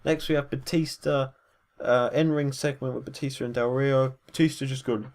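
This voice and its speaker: A man at a middle pitch talks through a wrestling recap in a casual, unscripted way. He rambles, stumbles over fillers and corrects himself as he goes. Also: little pitch movement, moderate pace, a little mellow. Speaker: wrestling show reviewer.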